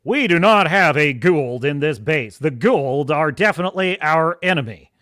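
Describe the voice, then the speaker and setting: A man's voice: fairly high pitch, animated, normal speed, fairly bright tone, no echo, clean studio sound. A man imitating a stern male general with a Texan accent.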